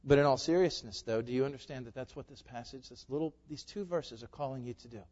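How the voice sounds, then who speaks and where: A man's voice: mid-range voice, fast talker, darkish tone. A man preaching a sermon in a church, pressing his listeners with rhetorical questions. His voice carries a long hall reverb, and the recording sounds a little dull. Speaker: pastor. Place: church sanctuary.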